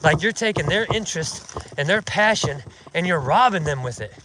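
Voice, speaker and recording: A man's voice: a little high, lively intonation, normal speed, bright, forceful tone, slight background noise. A man hosting an outdoors channel, delivering a profane, mocking, indignant rant while out in the woods. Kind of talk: casual ranting vlog.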